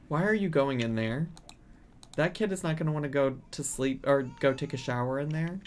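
A man's voice: medium pitch, big pitch swings, moderate pace, gravelly, a little hiss or hum. A man hosting a casual let's-play from his apartment, chatting playfully and bossing his game characters around. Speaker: gaming channel host. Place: home apartment.

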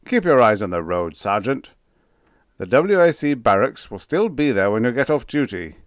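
A man's voice: medium pitch, big pitch swings, normal speed, dry recording, clean studio sound, pitched above the performer's own voice, lightly acted. A man voicing a pompous, blustering army general who is boastful and bossy.

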